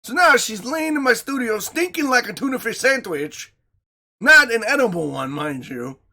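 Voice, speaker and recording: A man co-hosting a podcast in his home studio, an animated, crude storyteller who laughs often. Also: very high voice, moderate pace. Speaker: podcast co-host. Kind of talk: casual chat.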